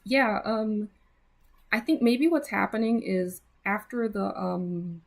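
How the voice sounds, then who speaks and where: Speaking slowly in a gravelly, medium-pitched voice, a young woman draws live while chatting casually with viewers. Her talk is full of fillers and small laughs.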